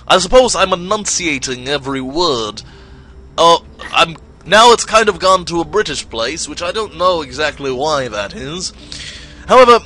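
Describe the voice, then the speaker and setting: Man as prim over-enunciating gent, bright and lively. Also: high-pitched, full character voice. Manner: enunciates every word, rhymes playfully.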